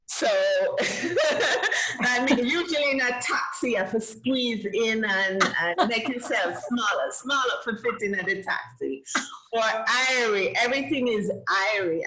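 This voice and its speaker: A woman co-hosts a casual live-stream chat and laughs easily. She sounds upbeat and relaxed, and she talks over a video call. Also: medium pitch, low-quality recording. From Jamaica. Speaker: co-host.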